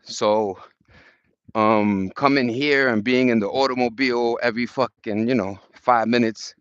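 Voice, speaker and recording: Upbeat New York vlogger, mid-pitch, cursing and greeting chat on a walk, dry dull phone sound. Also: male voice, steady tone, unhurried, fairly bright tone, smooth, no room sound. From Brooklyn, New York. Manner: upbeat, profane street slang, greets viewers; talking while walking uphill outdoors. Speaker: livestreaming vlogger. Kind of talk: casual live-stream chat. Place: outdoors in a park on a hill. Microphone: phone held at arm's length.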